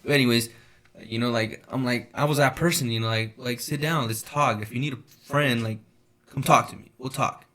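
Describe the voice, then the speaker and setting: A man's voice: medium pitch, steady tone, fairly quick, a bit bright. A young man co-hosting a casual podcast chat, rambling at length with lots of swearing and "you know, like" fillers. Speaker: podcast co-host.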